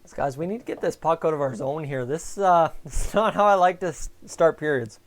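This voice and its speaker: On a live fan stream, a young man with a slightly high voice talks a little fast into a headset mic, giving casual game commentary. He keeps answering viewers' chat messages by name.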